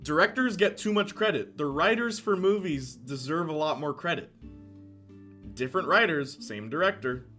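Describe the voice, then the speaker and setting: A man talks in casual live-stream chat, excitable and quick to laugh. His voice swings widely up and down and rings bright and forceful. Soft guitar music plays faintly behind him. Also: on the high side. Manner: excitable, chatty, laughs often, reacts to chat. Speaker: streamer ranking movies.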